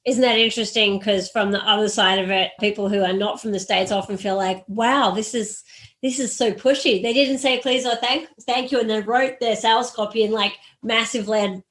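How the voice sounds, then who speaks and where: A woman from Australia hosting a business podcast, posing long, thoughtful questions in a measured way. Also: medium pitch, fairly even intonation, a bit bright. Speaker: podcast host. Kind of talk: conversational interview.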